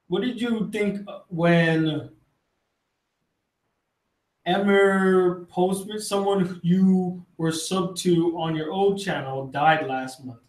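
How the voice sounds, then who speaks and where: A man's voice: a little high, slow pace. A man hosting a casual live chat, rambling through viewer questions, cursing freely and often interrupting himself. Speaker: livestream host answering chat questions. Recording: echoey room.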